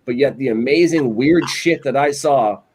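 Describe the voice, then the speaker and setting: A man's voice: medium pitch, normal speed, crowd noise. A man co-hosting a casual podcast, telling rambling stories full of "like" and "you know what I'm saying". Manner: rambling storyteller, animated, lots of "like" and "you know". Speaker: podcast co-host. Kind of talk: casual chat.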